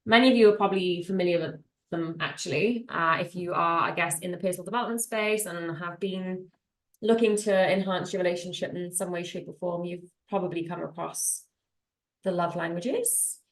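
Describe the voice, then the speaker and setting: A woman's voice: lowish voice, fairly even intonation, moderate pace. A woman in her late twenties co-hosting a podcast, chatting casually and teasing her partner. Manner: chatty, teasing, self-deprecating. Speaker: podcast co-host. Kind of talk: casual chat. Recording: roomy echo.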